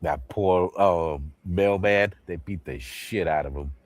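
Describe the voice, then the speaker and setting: A man hosting a livestream in casual chat, animated, laughing often and swearing freely as he acts out movie lines. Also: deep voice, takes it slowly, no echo. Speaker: livestream host.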